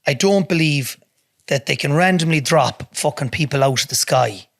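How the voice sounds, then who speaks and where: This Irish podcast guest has a fairly high, creaky voice with lively intonation and a moderate pace. He tells a casual story in a studio, blunt and full of swearing, on a dry recording.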